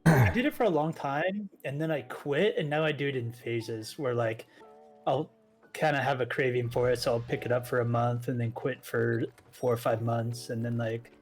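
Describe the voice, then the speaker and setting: A man's voice: medium pitch, fairly even intonation, moderate pace. A man on voice chat with a gaming group, chatty and joking as he tells his stories. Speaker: co-op player on voice chat. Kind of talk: casual voice chat.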